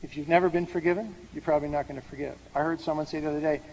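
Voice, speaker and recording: Racing along with few pauses and fairly even intonation, a pastor with a fairly high, darkish voice explains scripture and questions the crowd in a conversational sermon. The large hall adds reverb, with faint noise underneath.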